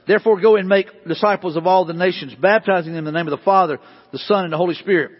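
A man with a high, husky voice preaches from the pulpit, hammering home repeated questions and swelling into emphatic peaks. The sound is dull and lo-fi, with a long reverb tail from a church sanctuary. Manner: repetitive, emphatic preaching with rising bursts. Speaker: pastor. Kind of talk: sermon. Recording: dull lo-fi hall recording.

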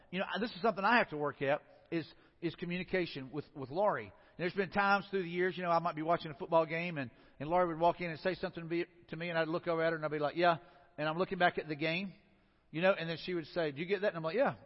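A middle-aged man, preaching a folksy sermon full of acted-out stories. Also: a little high. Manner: folksy, storytelling with acted-out quotes. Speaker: pastor. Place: church sanctuary. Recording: dull, lo-fi sound in a reverberant hall.

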